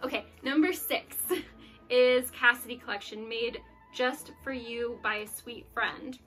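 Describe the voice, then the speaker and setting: A woman's voice: fairly high pitch, steady tone, measured pace, soft background music. A woman hosting her own channel, chatting casually while unboxing gifts, gushing with exclamations and sounding touched, close to tears. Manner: gushing and effusive, many exclamations; soft-spoken and touched, near tears. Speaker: YouTube channel host.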